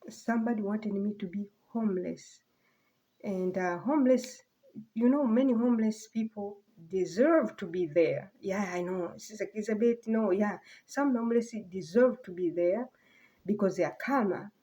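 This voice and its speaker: Soft-spoken woman rambling in a vlog. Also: mid-range voice, lo-fi sound. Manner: halting, rambling, many fillers and restarts. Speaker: vlogger. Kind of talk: casual personal vlog monologue.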